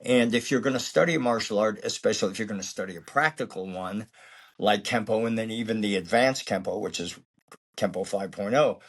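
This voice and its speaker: A man who is a martial arts actor and instructor, speaking in a calm, reflective, philosophical way during a casual interview. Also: lowish voice, brisk, husky.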